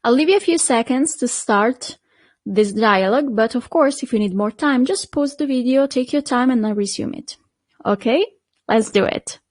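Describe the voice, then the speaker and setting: A woman with an Italian accent teaching an online Italian lesson, patient and checking in often with quick questions to the learner. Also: a little high, no echo. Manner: patient, checks in with frequent "okay?" and "perfect".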